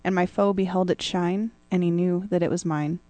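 Woman, co-host, steady poetry reading, lowish voice, dry sound. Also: normal speed, no room sound.

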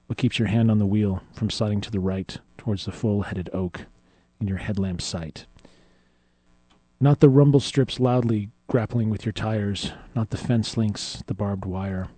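Man reading a poem softly. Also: lowish voice, no room sound. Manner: soft, measured reading. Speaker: co-host. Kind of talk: reading poetry aloud.

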